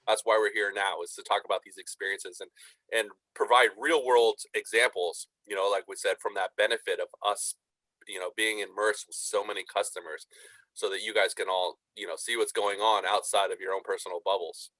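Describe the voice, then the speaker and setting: A man with a low-ish, bright, sharp voice talks casually as a guest chef. The sound is dry and close, as if on a video call, and he chats loosely with filler words. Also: brisk, no room sound, rough recording. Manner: relaxed, conversational with fillers. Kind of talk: casual webinar talk.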